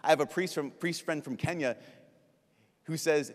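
A priest giving a lively, joking talk at a youth conference, acting out quick voices as he goes. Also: a little high. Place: large conference hall. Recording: long reverb of a large hall.

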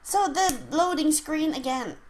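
Woman, Norwegian accent, gameplay commentary, slightly high voice, unhurried, excitable. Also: rough recording. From Norway. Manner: chatty, easily startled, laughing. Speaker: let's play host.

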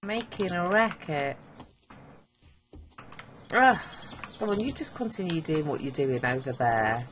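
A woman's voice: sits low, animated, a little slow, pauses often, a little hiss or hum. A woman casually commenting on her gameplay, chatting to the zombies and teasing a teammate. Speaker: gamer.

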